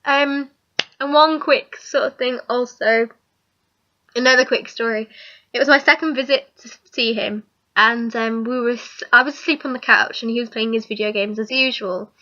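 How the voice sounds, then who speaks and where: Giggly young woman, bright and high. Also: steady tone, moderate pace. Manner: chatty, giggly, rambling. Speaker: vlogger. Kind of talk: casual chat. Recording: dull lo-fi recording.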